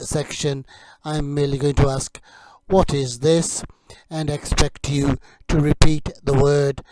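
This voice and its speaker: A man teaching English vocabulary in a slow repeat-after-me drill, speaking in a measured, deliberate way with hesitant pauses. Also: fairly high pitch, darkish tone, dry recording, poor audio.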